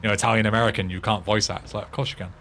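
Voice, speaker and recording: A man's voice: fairly low pitch, fairly even intonation, rapid-fire, fairly bright tone, slight background noise. An English man streaming a game, chatting casually in a rambling way with frequent swearing and restarts. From England. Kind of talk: casual chat while playing a game.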